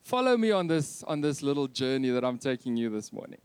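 Thirties male pastor, jokey sermon, very expressive pitch. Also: fairly quick, clean tone, no echo. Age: 30s. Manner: animated, jokey, swings between loud and soft. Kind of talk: Christmas sermon.

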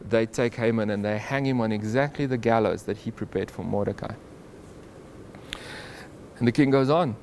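A man retells a Bible story in an informal, animated way, chuckling now and then and often restarting his sentences. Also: fairly low pitch, moderate pace, gravelly, long pauses, a little hiss or hum. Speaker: Bible teacher.

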